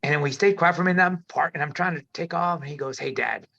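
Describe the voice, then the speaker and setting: A man's voice: a little high, fairly even intonation, fast talker, bright, forceful tone. A middle-aged man, a podcast guest, telling his life story candidly in a rambling way, restarting sentences and calling the host "man" often. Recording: dull lo-fi audio.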